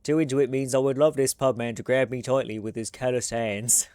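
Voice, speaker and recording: A man's voice: mid-range voice, fairly even intonation, a little fast, darkish tone, clean tone, dry recording, clean studio sound. A man from the United States streaming a game with casual, rambling commentary and frequent swearing. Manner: chatty, rambling, swears freely.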